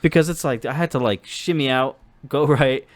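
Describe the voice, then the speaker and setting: A man's voice: mid-range voice, normal speed. A young man co-hosting a casual podcast chat, rambling and jokey, with lots of "like" fillers. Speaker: podcast co-host.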